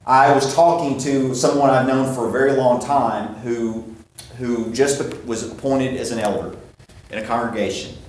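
A man's voice: mid-range voice, a little mellow. Man preaching in a very echoey hall. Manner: asks the crowd questions and answers them, slows down to stress points. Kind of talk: sermon.

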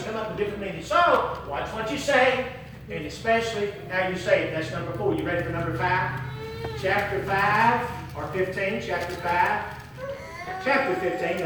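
A man's voice: sits high, fairly bright tone, a little hiss or hum. A man preaching a sermon in an emphatic way. He repeats key phrases and jokes with the congregation. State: hot and sweating. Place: large church hall. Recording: echoey hall, voice from far off.

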